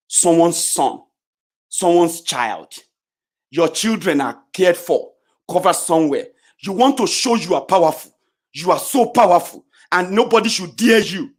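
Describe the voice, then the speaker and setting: A political commentator, a middle-aged Nigerian man with a Nigerian accent, launches into a heated, confrontational rant about politics. He swings between shouting and muttering low, his intonation lively and his delivery a little slow.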